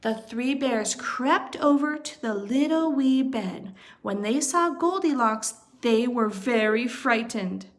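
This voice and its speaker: A woman storyteller reading a children's storybook aloud, expressive and unhurried. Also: a little high.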